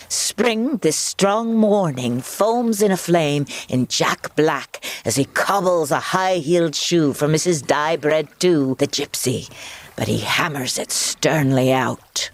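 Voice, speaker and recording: A performer reading narration in a radio drama with a lively, expressive delivery. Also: mid-range voice, slow pace. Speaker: narrator and voice actor.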